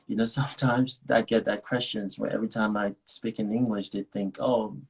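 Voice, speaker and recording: A man's voice: on the low side, level tone, brisk, slightly rough, rough recording. A man from Nigeria, an actor being interviewed over a video call, talking casually and rambling with many restarts and laughs. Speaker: actor guest.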